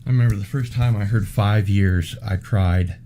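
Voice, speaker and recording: A man hosting a casual unboxing video, talking in an unhurried way with wry asides. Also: lowish voice, background noise. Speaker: unboxing vlog host.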